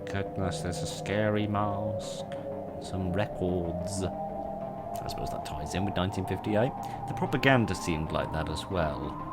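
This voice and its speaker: A man giving wry, sarcastic, rambling commentary while playing a game. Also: deep voice. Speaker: gameplay commentator. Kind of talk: let's play commentary.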